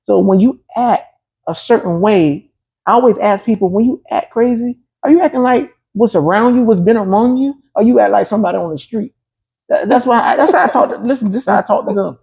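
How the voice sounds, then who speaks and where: A man's voice: sits high, brisk, gravelly, breathy edge, narrow, tinny audio. A man being interviewed, telling a personal story in a casual, emphatic way, often repeating key phrases. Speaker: interview guest.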